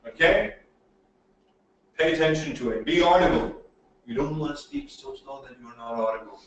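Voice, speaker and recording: A man giving a webinar lecture on presentation skills, emphatic and animated, often checking in with "okay?". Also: on the high side, moderate pace, very echoey, distant mic, low-quality recording. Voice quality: animated, swings loud and soft.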